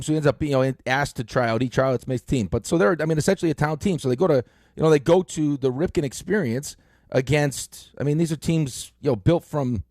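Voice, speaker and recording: A middle-aged man hosting a sports radio show, telling stories in an animated way with lots of fillers, on a close studio mic. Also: fairly high pitch, dry recording. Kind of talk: casual sports talk.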